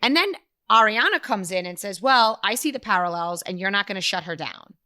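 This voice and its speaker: Bright-voiced woman recapping gossip. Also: mid-range voice, lively intonation. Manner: brisk storytelling recap, blunt. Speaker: podcast co-host. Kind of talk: casual gossip chat.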